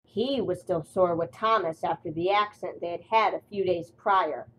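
A woman narrating a children's train story in a deliberate reading voice. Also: lowish voice, a bit bright, a little hiss or hum, poor audio.

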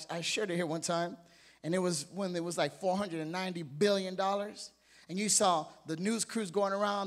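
A man's voice: high voice, fairly bright tone. A man preaching a sermon as pastor, emphatic, asking the congregation questions and repeating words as he builds. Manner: playful, acts out family members.

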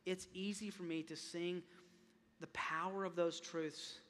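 A male pastor preaches in a high, bright, ringing voice. He is impassioned, often doubles back on his words and then climbs to loud, emphatic peaks. His voice carries the long reverb of a large sanctuary. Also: little pitch movement, measured pace. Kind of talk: sermon.

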